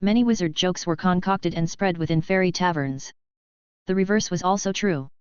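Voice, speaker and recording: A woman narrates a fantasy audiobook in an even, steady way. Her voice is smooth and a little low. The recording is dry and dull, with a lo-fi edge. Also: moderate pace, no room sound. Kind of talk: scripted narration.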